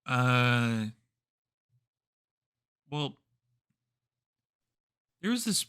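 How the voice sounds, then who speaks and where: A man's voice: mid-range voice, sing-song, extremely slow, a bit bright, clear, resonant tone, exaggerated voice. A man voicing a confused male ghost who has recently died, talking vaguely and hesitantly.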